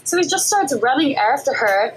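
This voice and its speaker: High-voiced giggly woman podcast co-host. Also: animated, rough recording. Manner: giggly, filler-heavy retelling with quick asides. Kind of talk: casual chat recapping a film.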